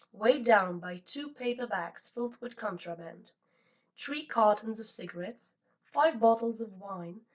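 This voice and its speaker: A woman reading a novel aloud as an audiobook narrator, in an expressive, steady style. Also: fairly high pitch, far from the mic, low-quality recording. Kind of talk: scripted narration.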